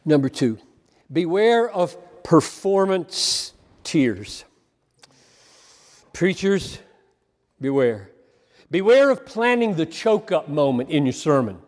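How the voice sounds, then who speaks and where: A male preacher giving an impassioned, emphatic sermon, swinging between loud emphasis and quiet asides. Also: a little high, very animated, slow, pauses often, in a large hall.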